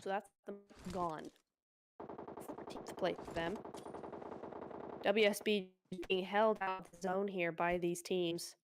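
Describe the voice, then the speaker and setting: Excitable woman calling live esports play-by-play. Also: lowish voice, slow, pauses often, slight background noise. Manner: excitable, chatty, exclaims often. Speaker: esports caster.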